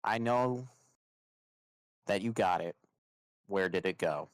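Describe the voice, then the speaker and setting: A man voicing a calm male interrogator who delivers steady, unhurried threats. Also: low voice, smooth, no echo. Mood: menacing.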